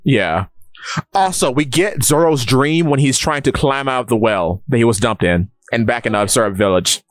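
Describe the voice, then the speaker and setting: Guy on a podcast rambling thru a recap, lots of restarts, mid-pitched, dry close mic. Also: animated, normal speed, dry recording. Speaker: podcast co-host. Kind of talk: casual chat.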